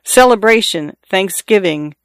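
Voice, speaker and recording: A jovial older man who loves telling a good story and ribbing his company, as a male narrator plays him. His voice is smooth and a little higher than most men. The recording is close and dry. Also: lively intonation, measured pace, a bit bright, dry recording. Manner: hearty, joking storyteller. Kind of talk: audiobook character reading.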